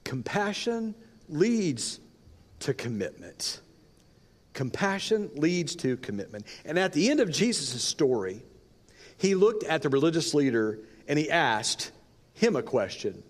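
With a slightly high voice, big pitch swings, and normal speed, a male pastor dramatically recounts a story in his sermon, varying his pacing for effect. The recording carries a large hall's long reverb.

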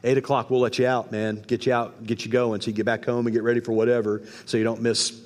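A man's voice: medium pitch, level tone, fast. A man preaching a sermon as pastor, in a conversational, emphatic way with folksy asides. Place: church sanctuary. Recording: long hall reverb.

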